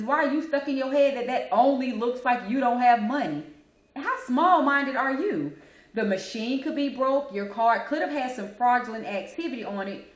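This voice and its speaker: Sassy woman ranting in an echoey room. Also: a little high. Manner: sassy, animated, calls listener "baby". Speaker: host. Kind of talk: casual opinion monologue.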